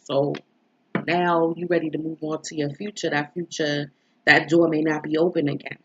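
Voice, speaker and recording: A woman's voice: deep voice, flat delivery, moderate pace, a bit bright. Woman, tarot reader, casual storytelling vlog, candid and emotional, slightly dull lo-fi sound. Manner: emotional, candid, swears freely.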